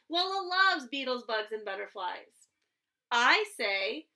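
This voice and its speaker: Slow, gravelly-voiced woman teacher reading aloud. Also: on the high side, lively intonation. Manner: slow, gentle storybook reading. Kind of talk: reading a picture book aloud.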